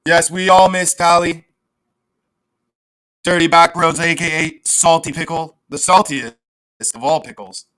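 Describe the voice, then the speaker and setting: A man's voice: on the high side, fairly even intonation, a little slow, long pauses, a bit bright, clear, resonant tone. A man hosting a livestream, ranting sarcastically and with lots of swearing while reading chat aloud. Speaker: livestream host. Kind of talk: casual livestream rant.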